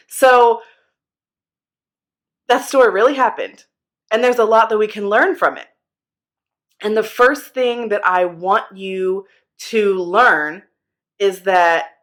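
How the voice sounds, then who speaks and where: A woman's voice: mid-range voice, slow, long pauses, fairly bright tone. A young woman teaching children a Bible lesson in a casual, playful way, acting out the characters' lines.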